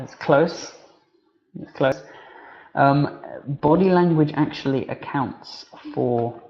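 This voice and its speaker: A man leads an online teacher-training session, talking in a loose, conversational way. He fills his pauses and restarts his sentences as he goes. His voice sits at an ordinary middle pitch, and the webinar audio comes through a little dull. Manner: relaxed, conversational, with many fillers and restarts.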